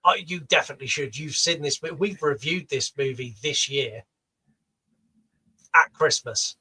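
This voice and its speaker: A man's voice: a little high, pushed and bright, husky, poor audio. A man co-hosting a podcast in casual chat, running a quiz with crude, teasing banter. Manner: teasing, crude, quick-witted. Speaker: podcast co-host and quiz setter. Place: podcast studio.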